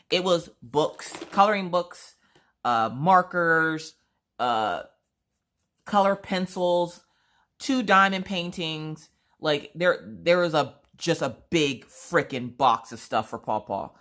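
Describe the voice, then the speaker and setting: A woman's voice: deep voice, fairly bright tone. A woman with a sore throat, chatting casually as she tells a story and acts out the other people in it. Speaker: vlogger.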